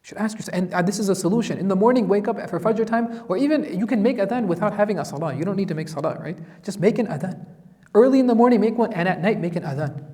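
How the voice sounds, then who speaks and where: A man teaching a Quran tafsir lesson as an imam, telling stories in an animated, conversational way. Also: high-pitched, quick pace. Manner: animated storytelling, conversational asides. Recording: long hall reverb.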